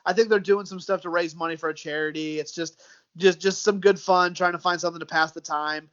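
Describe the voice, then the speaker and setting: A man's voice: sits high, fairly even intonation, a little fast, a bit bright, lo-fi sound. A man with a Midwestern American accent, chatting loosely as a podcast guest, repeating words and calling his host "dude" and "man". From United States. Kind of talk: casual chat.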